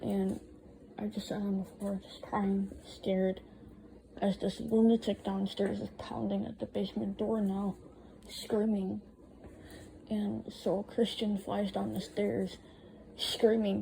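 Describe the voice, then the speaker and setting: A woman's voice: medium pitch, little pitch movement, a little slow, gravelly, warm tone, a little hiss or hum, poor audio. A young woman casually recounting a night from her own life, blunt and swearing freely. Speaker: storyteller. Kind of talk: casual first-person storytelling.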